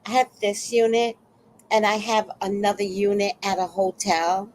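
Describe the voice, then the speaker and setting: A woman's voice: mid-range voice, little pitch movement, moderate pace, darkish tone, slight background noise, lightly acted. A woman mimicking a neighbor lady who speaks sweetly while bragging. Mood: boastful. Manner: falsely sweet, boastful.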